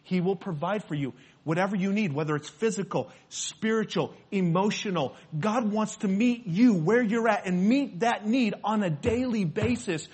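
A man's voice: high-pitched, normal speed, few pauses, a little mellow, husky. A pastor preaching a sermon, earnest and repetitive, quoting scripture between his own points. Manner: earnest preaching, repeats phrases, quotes scripture.

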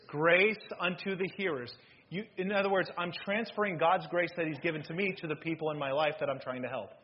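Pastor, male, high voice with a husky edge, animated sermon delivery from loud to hushed, dull lo-fi church recording. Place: church sanctuary.

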